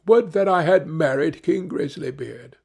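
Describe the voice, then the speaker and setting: A man's voice: on the high side, unhurried, gravelly, darkish tone, slightly rough, pitched above the performer's own voice, exaggerated voice. A man voicing a haughty, scornful princess. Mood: lamenting.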